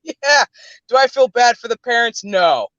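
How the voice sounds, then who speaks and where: A high-pitched man rattling off crude, profane stories between bursts of laughter. His voice sits dry and close, with a dull, lo-fi muffle to the recording. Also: expressive, a little slow, sharp tone, no echo. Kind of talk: casual chat.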